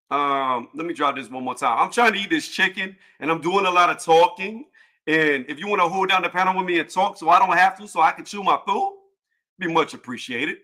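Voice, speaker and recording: Loud, joking man hosting a boxing stream. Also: high voice. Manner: loud, joking, profane trash talk. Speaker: livestream panel host. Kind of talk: casual boxing talk while eating.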